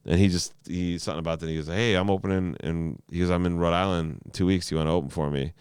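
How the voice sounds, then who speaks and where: A man, a stand-up comedian, telling stories on a podcast in a casual, animated way, with stammered restarts and frequent swearing. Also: sits low, fast talker, smooth, no echo, clean studio sound.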